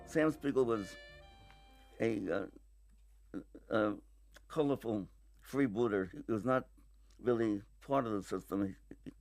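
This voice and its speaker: A male screenwriter telling an anecdote in an archive interview, speaking haltingly with long pauses. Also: on the low side, a little mellow, no echo, soft background music.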